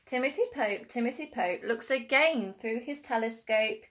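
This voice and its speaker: A woman's voice: on the high side, normal speed. A woman teacher reading a picture book aloud to young children, gasping often and asking them questions. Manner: animated, with frequent gasps and questions to the children. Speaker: infant school teacher.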